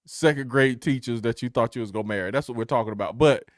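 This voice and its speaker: A man's voice: medium pitch, fast, dry recording, studio quality. A man co-hosting a casual sports debate, laid-back and teasing. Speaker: co-host, Auburn fan.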